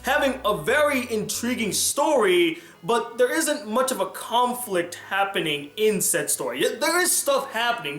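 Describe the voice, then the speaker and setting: High-voiced man reviewing a film. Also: fairly bright tone, roomy sound. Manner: enthusiastic and jokey.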